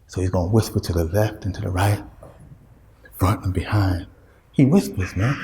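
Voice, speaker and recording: American preacher guy, mellow darkish voice, slangy and punchy, repeats himself a lot. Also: sits low, normal speed, pauses often, roomy sound, slight background noise. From United States. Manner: emphatic, repetitive, street slang. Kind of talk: sermon.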